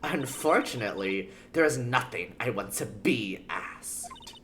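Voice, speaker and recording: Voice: medium pitch, sing-song, a little slow, a bit bright, slight background noise. A streamer voicing a rude, scornful young woman witness in a game, reading the lines aloud with taunting, sneering insults.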